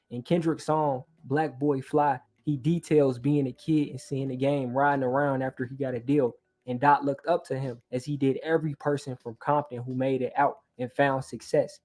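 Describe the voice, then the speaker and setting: A man's voice: medium pitch, darkish tone. A man hosting a commentary video, narrating a scripted, argumentative breakdown point by point. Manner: argumentative, explains step by step. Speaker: commentary channel host.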